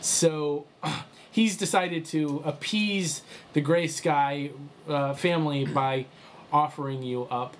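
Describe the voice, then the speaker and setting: A man's voice: a little high, steady tone, slow pace, slight background noise. A man running a tabletop role-playing game, describing the scene and improvising with fillers and restarts. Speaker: game master.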